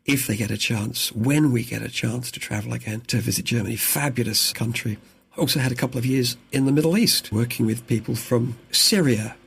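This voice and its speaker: A man from southeast England whose English accent carries a mix of international influences, speaking as a leadership coach in a relaxed, articulate podcast interview. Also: medium pitch, gravelly, breathy edge. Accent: mixed English accent with international influences.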